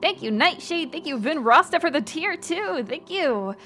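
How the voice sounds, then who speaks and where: A woman's voice: high-pitched, lively intonation, normal speed, bright, forceful tone. A woman VTuber streamer chatting casually, reading chat and thanking viewers, rambling, swearing often and laughing a lot. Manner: reads out chat names and thanks.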